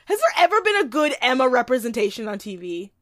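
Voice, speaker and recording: Animated snarky woman chatting. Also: on the high side, quick pace, no room sound, studio quality. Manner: animated, snarky, laughs often. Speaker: podcast co-host recapping a movie. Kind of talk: casual chat.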